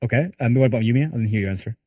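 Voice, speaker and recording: Male sales coach leading a team call; rapid, casual delivery with a warm, low-bright tone. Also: no echo, muffled recording. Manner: conversational, talks with hands-on examples and casual fillers. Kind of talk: live group training call.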